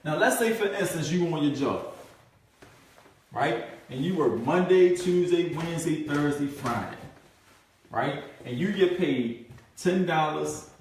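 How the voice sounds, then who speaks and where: During a live group coaching session, a network marketing trainer with a higher-leaning voice talks animatedly, repeating himself and tossing in "right?" constantly. He plays out how his prospects think, and the audio comes from a distant mic in a very echoey room.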